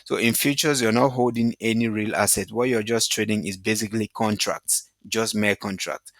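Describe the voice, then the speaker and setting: Guy explaining crypto trading, lowish voice, dry close mic, keeps asking right?. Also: fairly even intonation, moderate pace, few pauses, no room sound. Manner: explains with repeated "right?" checks and everyday examples. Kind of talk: casual tutorial talk over slides.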